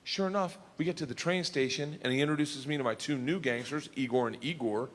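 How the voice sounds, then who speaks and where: A man telling a stand-up story on stage, bursting into shouted punchlines, recorded live in a comedy club. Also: medium pitch, brisk, noisy background. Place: comedy club stage before a laughing audience. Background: audience laughter.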